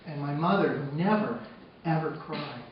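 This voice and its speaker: A man with a fairly high voice tells a personal story on stage at an arts center, dropping to hushed, sombre tones and then rising to loud, excited retelling. He is picked up from far off in a very echoey hall, and the sound is dull with steady noise behind him. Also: normal speed. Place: arts center stage before a live audience.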